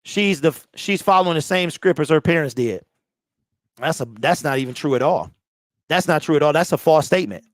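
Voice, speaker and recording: A man's voice: a little high, expressive, brisk, dry recording, studio quality. A man hosting a postgame fan call-in show, ranting in a heated, exasperated way and repeating himself.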